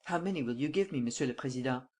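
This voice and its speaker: An audiobook reader voicing a cool French chief detective, a man who speaks calmly and weighs each word, a little lower than the narration. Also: close to an everyday voice. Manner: calm, measured, dry.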